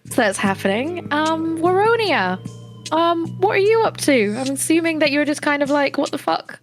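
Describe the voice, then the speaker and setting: Woman game master, casual and chatty, fairly high voice, lots of fillers. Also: big pitch swings, moderate pace, faint music behind. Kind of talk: narrating a tabletop game.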